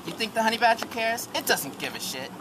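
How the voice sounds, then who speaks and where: A man reads a mock nature documentary aloud as a joke. His pitch moves in a lively way, and he drops in disgusted asides. Background noise sits under the voice. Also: quick pace. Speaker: narrator. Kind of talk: silly amateur script reading. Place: on vacation. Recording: noisy amateur recording.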